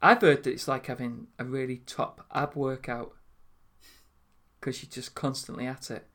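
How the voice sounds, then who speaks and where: A man's voice: mid-range voice, normal speed. A young man, telling stories in a casual, laughing podcast chat. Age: young adult. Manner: storytelling, laughing, lively. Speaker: podcast co-host.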